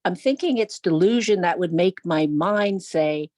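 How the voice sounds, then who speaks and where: Hesitant woman asking a question, low and dry. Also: unhurried, few pauses, a little mellow, dry recording. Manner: hesitant, searching for words. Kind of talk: question from the audience.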